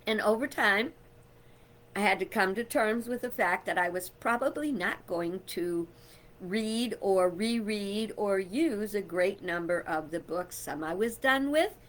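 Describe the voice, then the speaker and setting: A middle-aged woman talks to her viewers in a loud, rambling, friendly chat. Her tone is bright and ringing, and she takes her time, unhurried and drawn out. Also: mid-range voice. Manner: chatty, loud, rambling with fillers and laughs. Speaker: vlogger. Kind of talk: casual chat to camera.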